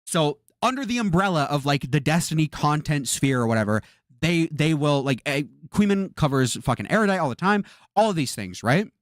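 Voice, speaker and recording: A man's voice: on the high side, big pitch swings, brisk, no room sound, studio quality. A man streaming a reaction, exasperated, swearing often and repeating himself. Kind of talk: live-stream reaction commentary.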